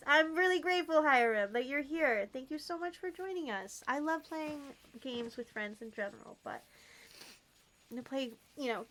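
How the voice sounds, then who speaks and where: A young woman livestreaming a cozy game, talking sweetly and gushing to her chat, with soft laughs and frequent throat clearing. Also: high voice. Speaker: streamer. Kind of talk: casual gameplay livestream chat. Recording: faint background noise.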